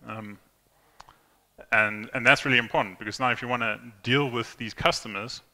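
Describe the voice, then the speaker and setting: A young man's mid-range voice, pushed and bright, moves at a moderate pace with fairly even intonation as he gives a casual tech talk at a conference. He's chatty, uses plenty of fillers and restarts, and acts out quoted lines in a reverberant hall.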